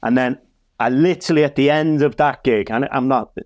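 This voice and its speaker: A man from Liverpool with a Liverpool accent, a guest comedian and minister telling a lively anecdote and acting out dialogue. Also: medium pitch, a little fast, no echo, lo-fi sound. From Liverpool, England. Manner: lively storyteller, acts out dialogue. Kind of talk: casual anecdote.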